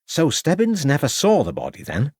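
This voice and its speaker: A man's voice: on the high side, wildly swooping pitch, normal speed, darkish tone, breathy edge, no room sound, studio quality, pitched above the performer's own voice, heavily acted. A man doing a wry, down-to-earth constable.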